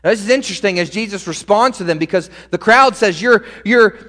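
A man's voice: high-pitched, animated, fast talker, sharp tone. A man preaching a sermon as pastor, earnest and direct, speaking straight to his listeners. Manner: earnest, direct, addresses the congregation. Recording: long hall reverb.

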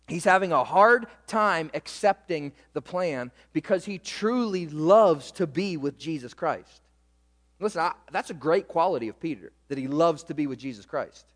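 A man preaching a sermon as pastor, swinging between loud emphasis and quiet, low asides. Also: big-room sound.

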